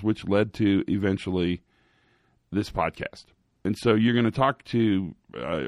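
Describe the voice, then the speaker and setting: A man hosting a podcast in a casual, rambling monologue, joking at his own expense and filling pauses with ums and restarts. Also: lowish voice, no echo, studio quality. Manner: rambling, self-mocking, with frequent fillers and restarts. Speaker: podcast host. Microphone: studio microphone.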